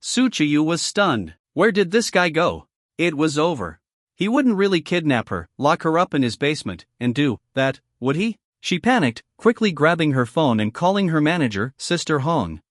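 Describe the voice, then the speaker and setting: A man narrating a comic story recap in a brisk storytelling manner. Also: a little high, big pitch swings, no echo, studio quality.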